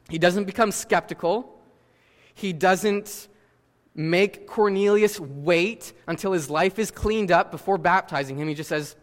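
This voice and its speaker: High-voiced man preaching in a hall. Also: unhurried. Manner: conversational preaching with casual fillers and rhetorical questions. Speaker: pastor. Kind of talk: sermon.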